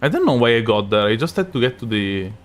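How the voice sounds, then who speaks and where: A man's voice: medium pitch, very animated, quick pace, soft background music. A young Italian man with a strong Italian accent, chatting loosely while he plays a live game and answers his chat, often restarting his sentences. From Italy. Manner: rambling, self-correcting, chatty with chat. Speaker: streamer. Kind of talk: live gameplay commentary.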